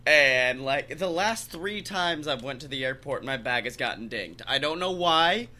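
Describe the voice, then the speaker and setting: A young man hosting a podcast in casual chat, telling stories in an animated way and acting out the people in them. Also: mid-range voice, measured pace. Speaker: podcast host.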